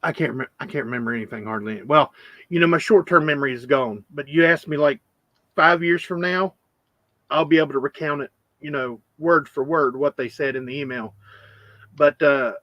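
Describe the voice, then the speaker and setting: A man hosts a relaxed live stream about coins, drifting from story to story and calling out viewers from the chat. His voice sits a bit high. The sound is close and dry, with little room around it. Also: moderate pace, dry recording, lo-fi sound. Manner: rambling, greets chat viewers by name. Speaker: host of a coin live stream.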